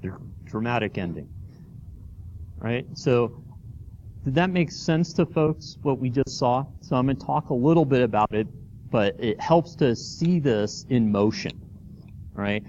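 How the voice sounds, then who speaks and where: A man's voice: mid-range voice, animated, a little slow, long pauses, darkish tone, lo-fi sound, slight background noise. A man teaching a college anatomy and physiology class, informal and checking in with students as he explains. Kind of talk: classroom lecture. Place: lecture hall.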